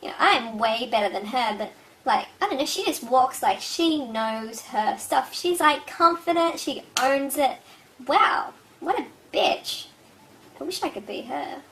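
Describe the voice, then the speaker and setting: A woman's voice: sits high, animated, measured pace, a bit bright, a little hiss or hum, heavily acted, poor audio. A woman putting on the voice of a jealous young woman gossiping about a rival, whiny and full of "like" fillers. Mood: catty. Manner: whiny, valley-girl "like" filler.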